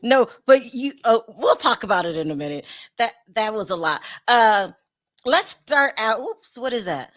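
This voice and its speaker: A woman hosting a casual online celebrity gossip show, chatty and quick to laugh, often restarting her sentences. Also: on the high side, very animated, a bit bright. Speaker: show host.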